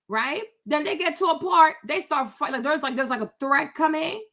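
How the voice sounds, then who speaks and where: A woman's voice: sits high, normal speed, hardly any pauses, a bit bright. A woman hosting her own show, ranting in a casual commentary style, emphatic and repetitive, checking in with viewers often. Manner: emphatic, repetitive, keeps asking "right?"; addresses viewers by name. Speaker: host.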